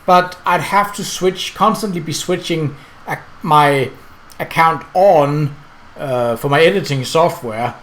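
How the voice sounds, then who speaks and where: A man casually commenting on his gameplay and reading the game's text aloud, chatty and quick to correct himself. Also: fairly high pitch, fairly bright tone. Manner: chatty, self-correcting, laughs at the game. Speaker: let's play host.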